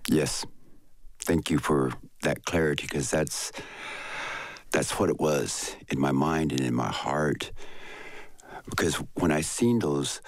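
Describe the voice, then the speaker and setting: A man answering as a guest in a radio interview, earnest and measured. His voice is low and he speaks slowly. The sound is dry and close. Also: no room sound.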